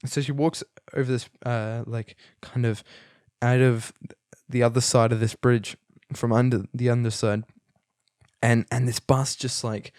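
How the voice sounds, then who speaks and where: A man's voice: medium pitch, level tone, unhurried, a little mellow, no echo, studio quality. A young man hosting a casual film review, rambling and amused, with many fillers and restarts. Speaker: podcast host reviewing a film.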